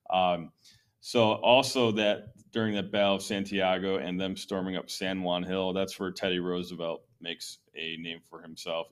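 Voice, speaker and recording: A man hosting a history podcast, explaining events in a relaxed, conversational way with many ums and likes. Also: on the low side. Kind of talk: casual history talk.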